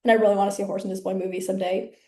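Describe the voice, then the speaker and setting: A woman's voice: mid-range voice, little pitch movement, rapid-fire, darkish tone. A woman hosting her own video, talking casually and rambling with many fillers and restarts. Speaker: video host. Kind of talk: casual rambling talk to camera. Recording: echoey room.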